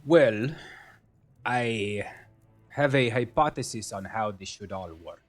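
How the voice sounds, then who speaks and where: A man voicing a scholarly male alchemist who explains his work in a measured, hesitant way, with faint music behind. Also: lowish voice, no echo. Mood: lecturing.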